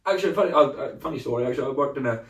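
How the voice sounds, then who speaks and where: A man's voice: medium pitch, very fast, recorded from a distance. A man co-hosting a comedy podcast, telling rambling stories with a lot of laughter. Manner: rambling storyteller, laughs a lot, shouts when mimicking. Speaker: podcast co-host. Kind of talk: casual comedic chat. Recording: roomy sound, speaking away from the mic.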